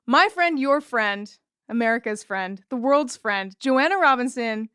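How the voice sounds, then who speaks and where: A woman co-hosting a podcast in casual chat, with dry, deadpan jokes. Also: a little high, a little slow, clean tone, no echo. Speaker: podcast co-host.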